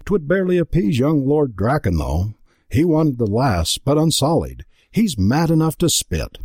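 A man's voice: medium pitch, sing-song, normal speed, a little mellow, slightly rough, dry recording, studio quality, voice pushed up. A man voicing a crude, lewd middle-aged guard captain in a storybook reading, talking in a coarse, gloating way. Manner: coarse, leering.

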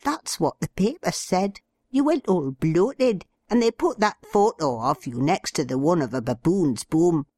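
A woman's voice: on the low side, expressive, measured pace, a little mellow, no echo. A woman voicing a blunt, tactless, gossipy female fan.

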